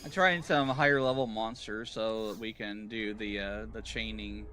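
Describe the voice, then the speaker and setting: A man's voice: fairly low pitch, fairly even intonation, moderate pace, sharp tone. A man from the southeastern United States with a light Southern accent, chatting casually and grumbling while streaming a game and answering chat.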